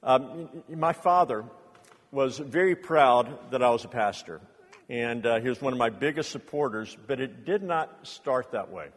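Middle-aged pastor preaching in a reverberant hall. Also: male voice, medium pitch, animated, moderate pace. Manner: earnest storytelling, builds to loud impassioned outbursts. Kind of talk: sermon. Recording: long reverb of a large hall.

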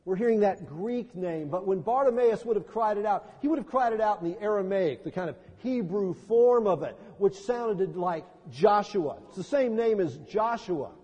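A man's voice: sits high, expressive, normal speed, few pauses, warm tone, slightly rough, lo-fi sound. A man preaching a sermon as pastor, reading scripture and rising to impassioned cries. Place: church sanctuary. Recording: long church reverb.

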